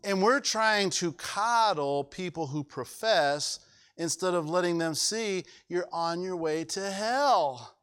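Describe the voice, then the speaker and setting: A man's voice: high-pitched, takes it slowly, a bit bright, smooth. A male pastor preaching a sermon, emphatic and full of rhetorical questions to the congregation.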